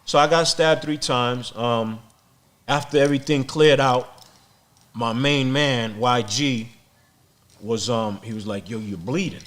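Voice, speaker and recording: A middle-aged man speaking as a podcast guest, his voice sitting at an ordinary middle pitch. He tells a rough story bluntly, with plenty of swearing and quick repeated words. His delivery comes across as plain-spoken and unpolished. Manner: blunt, profane, repeats words when excited. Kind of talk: street storytelling interview.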